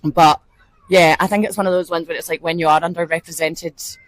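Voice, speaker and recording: A Scottish actor, a woman, talking in an animated, expressive way as a guest in a casual interview. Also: on the low side, brisk, no echo. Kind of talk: casual chat.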